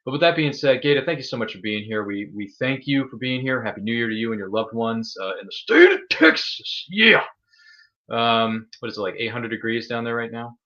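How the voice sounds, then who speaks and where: A man's voice: mid-range voice, steady tone, fast talker, hardly any pauses, fairly bright tone, highs cut off. A man hosting a casual chat show, rambling and joking with playful asides. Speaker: host.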